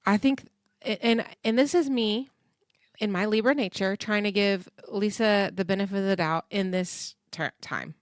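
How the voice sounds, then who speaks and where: A woman hosting a casual recap podcast, chatty and animated, often laughing and acting out quotes in other voices. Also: mid-range voice, normal speed, no echo, studio quality. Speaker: podcast host recapping a reality show. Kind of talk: casual chat.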